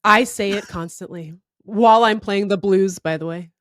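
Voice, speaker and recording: A woman's voice: medium pitch, moderate pace, a bit bright, no echo, studio quality. A woman co-hosting a podcast in wry, casual chat, laughing often. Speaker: podcast co-host.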